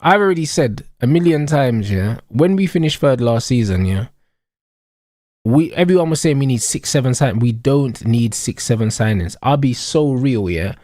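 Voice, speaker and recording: A man's voice: medium pitch, expressive, normal speed, darkish tone, no room sound, clean studio sound. Slangy young London man ranting. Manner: slangy, emphatic, repetitive. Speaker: streamer. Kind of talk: casual live-stream rant.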